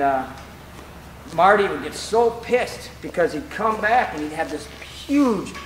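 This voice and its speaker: A man with a fairly high voice explains grappling drills and trades stories while demonstrating. He sounds lively and talkative. The recording comes from a roomy, echoing gym. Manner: animated, storytelling, demonstrates moves. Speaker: grappling coach. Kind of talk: mat-side technique instruction. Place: training gym. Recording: echoey gym, background noise.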